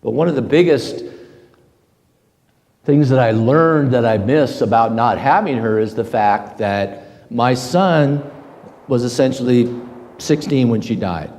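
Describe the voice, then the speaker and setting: Man, middle-aged, slow deliberate pace, earnest, self-questioning testimony, long hall reverb. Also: mid-range voice, darkish tone. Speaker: men's group speaker. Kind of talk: reflective personal testimony talk.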